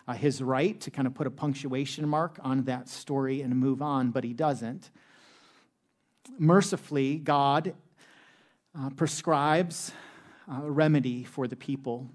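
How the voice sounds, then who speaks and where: A man's voice: fairly high pitch, darkish tone. A man in his thirties, a pastor preaching a sermon in a conversational, humorous way with many "uh" fillers.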